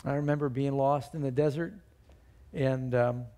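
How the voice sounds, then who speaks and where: A man's voice: mid-range voice, fairly even intonation, moderate pace, mellow. A man preaching a sermon, retelling scripture and a personal story, reading verses aloud with rising emphasis.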